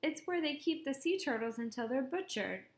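A plain-spoken boy, the gang's low man, patiently explaining things, as a woman reads his part. The voice is on the high side with an echoey room sound. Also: expressive, normal speed.

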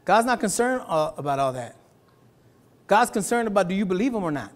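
A man pastor preaching a Sunday sermon in a church, talking in a loose, slangy way, sometimes shouting and sometimes dropping to a hush. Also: high-pitched, sing-song, brisk. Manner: conversational preaching with slangy asides and laughs; swings from shouting to hushed.

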